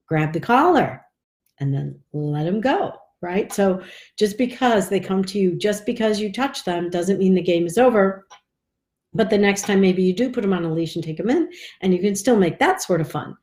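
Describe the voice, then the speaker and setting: A woman's voice: mid-range voice, expressive, normal speed, a little mellow. A woman dog trainer giving casual live advice in a chatty, rambling way with frequent fillers. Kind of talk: casual live video tip.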